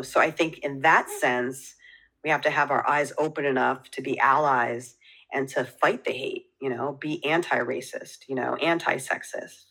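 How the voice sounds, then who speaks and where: A woman with a New York accent, a podcast guest talking in an earnest, animated way. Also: rumbling low, rough recording. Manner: earnest, animated, laughs easily. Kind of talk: casual chat.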